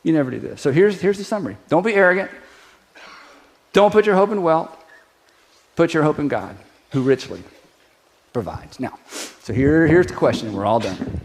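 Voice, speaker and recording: A man's voice: on the high side, moderate pace, long pauses. A middle-aged male pastor giving a conversational, joking sermon. He piles up rhetorical questions and leads the congregation in a spoken declaration.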